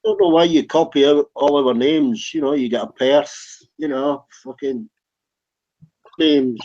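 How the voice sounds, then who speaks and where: A man's voice: on the high side, a little slow, a little mellow. A man on an online group call, teasing the others with crude jokes. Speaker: call participant. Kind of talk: casual group call banter. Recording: dull lo-fi call audio.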